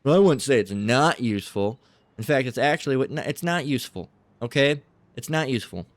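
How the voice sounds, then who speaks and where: A man's voice: mid-range voice, lively intonation, fairly quick, no room sound. A man commentating and reading aloud in a combative way, repeating himself, swearing freely and keeping on asking "all right?". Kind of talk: heated commentary and bible reading.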